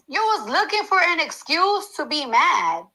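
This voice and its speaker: Very high-voiced woman ranting furiously. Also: big pitch swings, a little slow, bright, forceful tone, low-quality recording. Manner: heated, profane, repetitive venting. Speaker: celebrity ranting online. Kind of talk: angry unscripted rant.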